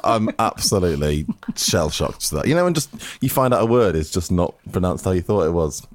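A man's voice: low-pitched, very animated, fairly quick, no echo. A man co-hosting a radio show, with dry, wry remarks. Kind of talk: casual radio chat.

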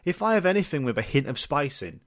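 A man's voice: fairly high pitch, very animated, quick pace. A man hosting his own podcast, rambling daft, sweary, self-mocking jokes. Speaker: podcast host. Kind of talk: casual solo comedy rambling.

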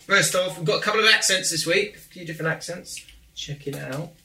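A man co-hosting a podcast, telling stories in a bright, forceful voice that sits a little high. He acts out other people's lines. He sounds roomy and set back from the mic, with faint noise underneath. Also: fairly quick. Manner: animated storyteller, acts out quotes. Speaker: podcast co-host. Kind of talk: casual banter. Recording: echoey room, mic at a distance.

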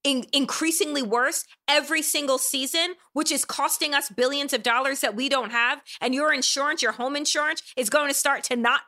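Female podcast host, indignant and emphatic, high bright voice. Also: steady tone, brisk, hardly any pauses. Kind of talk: heated political podcast discussion.

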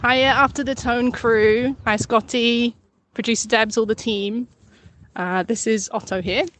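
A woman's voice: fairly high pitch, steady tone, unhurried, very noisy. A woman calling in to a podcast with a voice message, speaking in a hesitant, reflective way with lots of fillers. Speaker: caller leaving a voice message.

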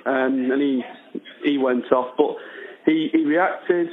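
A man's voice: medium pitch, slow pace, soft background music. A man chatting as a guest fan on the phone, hesitant and full of restarts. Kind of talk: casual chat. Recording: tinny phone line.

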